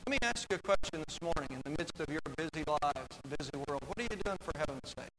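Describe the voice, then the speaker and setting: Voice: medium pitch, animated, fast, over music, poor audio. A pastor preaching a sermon earnestly, repeating phrases for emphasis.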